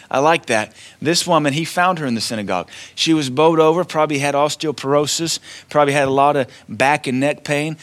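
A man preaching a sermon in a loose, conversational way, swinging between quiet asides and loud declarations. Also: medium pitch. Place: church.

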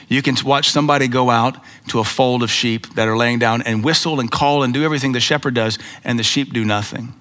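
Bright-voiced American preacher giving a sermon. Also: male voice, brisk. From United States. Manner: animated storytelling preacher, rhetorical questions, voices pitch up for emphasis. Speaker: pastor.

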